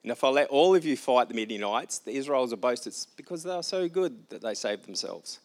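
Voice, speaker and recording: A man voicing a calm, reassuring divine figure in a retold scripture story, slow, emphatic and casual. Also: medium pitch, natural voice.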